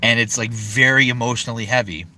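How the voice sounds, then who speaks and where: A young man, a voice actor, chatting casually on a live stream, rambling and excitable, swearing freely. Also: medium pitch, fast, slight background noise. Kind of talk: casual livestream chat.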